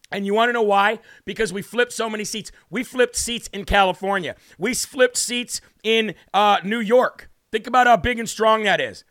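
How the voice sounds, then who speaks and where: Fired-up high-voiced male show host. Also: pushed and bright. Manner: fired-up, talks to viewers and reads their chat aloud. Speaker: host of a live online talk show. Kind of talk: live political commentary.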